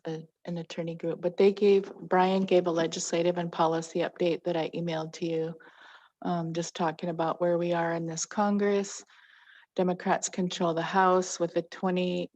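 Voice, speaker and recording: Slow, mellow-voiced woman giving a meeting report. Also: on the low side. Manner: measured, with many ums. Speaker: tribal council member giving an update. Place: council meeting.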